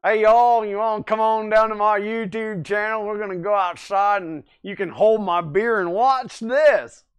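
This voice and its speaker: A man's voice: sits high, normal speed, hardly any pauses, clear, resonant tone, pitched above the performer's own voice, lightly acted. A man putting on a hollering country good ol' boy. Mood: rowdy. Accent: Southern US country accent, put on.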